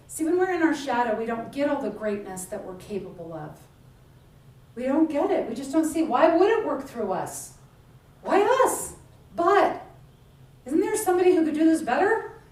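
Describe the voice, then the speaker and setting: A woman's voice: medium pitch, darkish tone, slight background noise. A woman giving a sermon in a conversational storytelling way, often tossing in "right?" and "like". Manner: conversational storytelling, frequent 'right?' and 'like'. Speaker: minister. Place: church sanctuary. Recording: echoey church room, speaker far from the mic.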